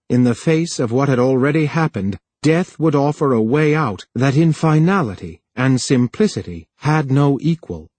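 A man reading a novel aloud in a measured, even way, as scripted narration. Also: medium pitch, breathy edge, dry recording. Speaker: audiobook narrator.

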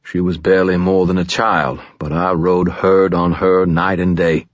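A man voicing a gruff, blunt older male wizard mentor who speaks in a low-key, bitter way. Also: level tone, moderate pace, dry recording, lightly acted. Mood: regretful. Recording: dull, dry studio sound.

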